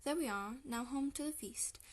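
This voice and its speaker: A woman voicing a clever, cheerful male fox in a storybook reading. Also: sits high. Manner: brisk, cheerful.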